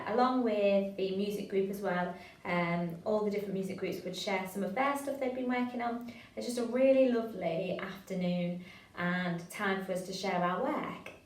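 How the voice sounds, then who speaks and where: A woman leading an online drama workshop, talking in an encouraging, chatty way with frequent "um"s as she explains warm-up games. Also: mid-range voice. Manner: encouraging, chatty, hesitant with fillers. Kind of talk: online drama class instruction. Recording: roomy sound from a distance to the mic.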